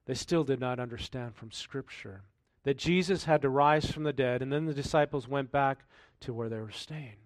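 Reading from scripture before offering relaxed, conversational remarks, this male pastor peppers his sermon with rhetorical questions. His mid-range voice moves at normal speed with few pauses, and the recording has no echo.

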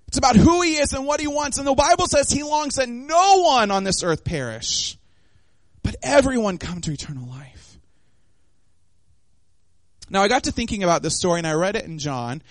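A young man delivers a sermon in a high, bright voice that leaps up and down with energy. He tells the story with animated flair, slipping into character voices. The recording is dry and close, with no room sound. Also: dry recording. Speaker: preacher.

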